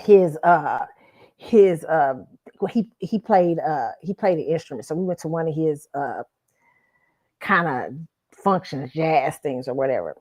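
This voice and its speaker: A woman's voice: deep voice, expressive, a little slow, darkish tone. Blunt, swearing woman host telling a story. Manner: blunt, profane, storytelling with many restarts. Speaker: show host. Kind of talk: casual opinion talk.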